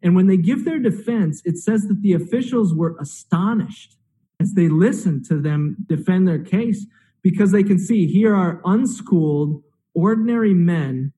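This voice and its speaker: A man's voice: sits high, dark tone, rough recording. A man preaching a sermon, retelling a story with acted-out quotes and rhetorical questions. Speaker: pastor.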